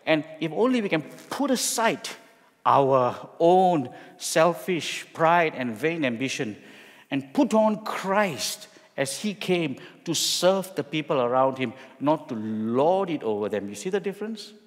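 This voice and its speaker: A middle-aged man from Singapore, a pastor preaching and telling a personal story in a joking, halting way. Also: on the high side, very animated, in a large hall. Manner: jokey storytelling, many restarts. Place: church hall.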